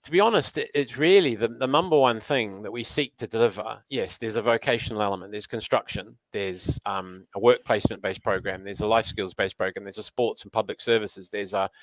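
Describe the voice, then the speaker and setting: Low-voiced man telling stories. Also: a little fast, hardly any pauses, no room sound. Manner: anecdotal, lively storyteller. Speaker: guest running a youth learning program. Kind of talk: storytelling conversation.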